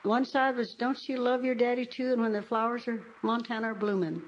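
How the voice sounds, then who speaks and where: A woman's voice: a little high, fairly even intonation, fairly quick, slight background noise. An older woman from Arkansas, a country singer, telling homespun stories on stage between songs and laughing as she talks. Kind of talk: folksy onstage storytelling between songs. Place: live stage at an outdoor folk park venue. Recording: dull lo-fi live recording with loud guitar music.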